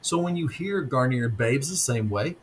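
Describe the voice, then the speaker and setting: A man in his fifties, a guest author telling stories in a conversational interview, speaking haltingly with frequent ums and restarts. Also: mid-range voice, lively intonation, slight background noise, rough recording. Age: 50s.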